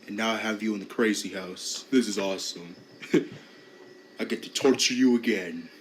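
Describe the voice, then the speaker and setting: A man voicing a smug male officer and teacher who taunts in a low, slow, mocking drawl. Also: slight background noise, close to an everyday voice, poor audio. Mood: smug, taunting.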